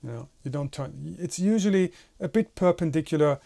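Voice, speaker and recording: A man's voice: fairly high pitch, a little fast, vocal fry, warm tone. A man teaching animation in a tutorial, explaining step by step and demonstrating with his own head and hands. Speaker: animation instructor.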